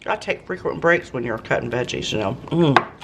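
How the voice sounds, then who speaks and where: A woman with a very deep voice chats animatedly and briskly to the camera in her home kitchen, sounding folksy as she gushes over fresh food. She's a home cooking vlogger, and pots and dishes clatter in the background.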